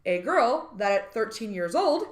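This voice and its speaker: High-voiced woman telling a true crime story, voice jumps all over, bit of room echo. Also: big pitch swings, moderate pace. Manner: reads case details, then jokes and swears. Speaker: podcast co-host. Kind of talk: true crime podcast chat.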